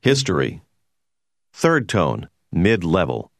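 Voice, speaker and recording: Male course narrator, deep and expressive, measured explanatory read, dry booth. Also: vocal fry, no room sound. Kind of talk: scripted educational narration.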